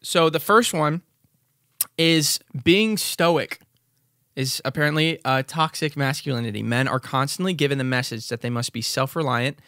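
A man's voice: medium pitch, pushed and bright, dry recording, studio quality. A man co-hosting a podcast, reading out definitions from an article and then discussing them casually. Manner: reads out definitions, then chats loosely. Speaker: podcast co-host.

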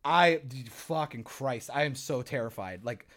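A young man co-hosting a casual podcast chat, telling stories in an animated, profane way and acting out his own reactions. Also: medium pitch, measured pace. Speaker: podcast co-host.

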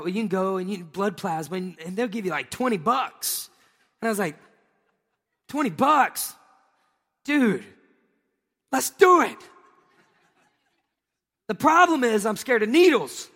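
A man preaching a sermon with a notably high voice, full of lively, playful storytelling. He acts out scenes with exclamations as he talks. His words ring out with the long reverb of a large hall. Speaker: pastor. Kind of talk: sermon with humorous personal storytelling.

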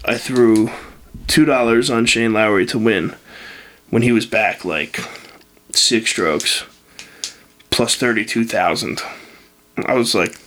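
A man's voice: fairly low pitch, takes it slowly, pauses often, fairly bright tone. A man co-hosting a casual podcast chat, trading crude, joking banter. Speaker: podcast co-host.

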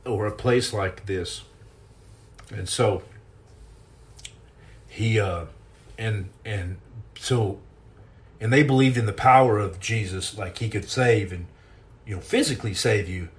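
A middle-aged man hosting a podcast, telling a personal story in an earnest, intense way, halting and repeating words as he goes. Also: lowish voice, slight background noise. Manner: earnest and intense, acts out quoted lines.

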